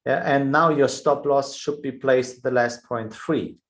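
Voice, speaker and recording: Slow-talking male trading show host. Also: mid-range voice, fairly even intonation, low-quality recording. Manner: thinking aloud while scanning charts, filler "yeah". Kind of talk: live trading webinar commentary.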